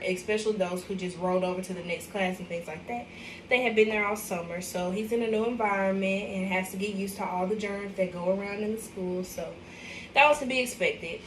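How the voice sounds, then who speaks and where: A young woman talks to her viewers in a chatty, openly emotional way, calling them y'all. Her voice sits at a middling pitch and is picked up from some distance. The room is echoey, with a faint hiss underneath. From Arkansas, USA. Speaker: vlogger, mother. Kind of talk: casual livestream chat.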